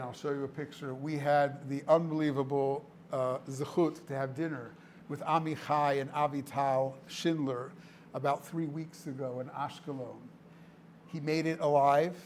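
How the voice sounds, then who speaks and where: A man's voice: fairly high pitch, darkish tone, a little hiss or hum. Emphatic man telling stories to a crowd. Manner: emphatic, dramatic storytelling with repetitions. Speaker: director of a charity, guest speaker. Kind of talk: storytelling speech to an audience. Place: indoor room before a live audience.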